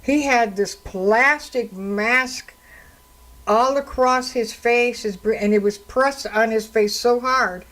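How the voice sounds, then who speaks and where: Speaking slowly, with a slightly high and fairly bright voice, a woman works alone at a studio mic. The recording is rough. A radio host and counselor, she delivers solo talk commentary, recounting stories in an indignant, conversational tone.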